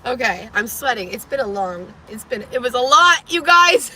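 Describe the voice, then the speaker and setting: A woman in her thirties telling a story in a casual vlog, animated, laughing often, nervous and sweaty. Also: on the high side, normal speed, husky. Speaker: vlogger.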